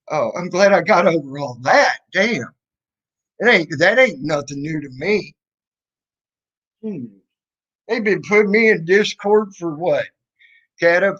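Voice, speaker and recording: Guy on a livestream, high-ish voice, slow and rambly, taunting sarcastic tone, kinda muffled audio. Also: expressive, a bit bright. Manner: mocking, sarcastic, rambling with restarts. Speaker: livestream host. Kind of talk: casual livestream talk. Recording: dull lo-fi stream audio.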